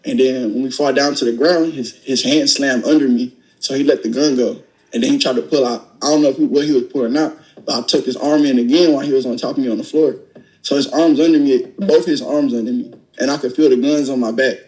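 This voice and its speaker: A man's voice: mid-range voice, fast, rough recording. A young adult man casually retelling a story, acting out the dialogue with blunt, profane energy. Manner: animated, acts out dialogue with profanity. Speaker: storyteller recounting a robbery.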